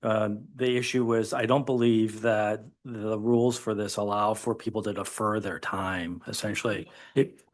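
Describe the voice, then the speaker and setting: A man's voice: on the low side, steady tone, moderate pace. A man on a budget committee asking a formal point of clarification about the rules. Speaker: committee member. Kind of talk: meeting procedure question.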